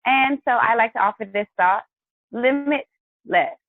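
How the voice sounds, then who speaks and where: Speaking a little high and a little fast, a woman hosts an upbeat live-stream health and wellness show, chatting encouragingly and often calling her viewers guys. The audio is narrow and tinny, with no room sound.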